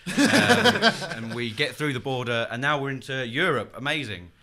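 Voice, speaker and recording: A man's voice: medium pitch, lively intonation, moderate pace, a crowd in the background. A man telling an improvised comic story, hesitant and full of fillers and laughs. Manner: rambling, hesitant, laughing often. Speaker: comedy game player.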